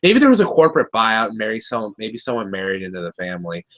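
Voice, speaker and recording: A man co-hosting a cartoon review show, talking in an animated, rambling way with many restarts. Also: lowish voice, quick pace. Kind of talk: casual review chat.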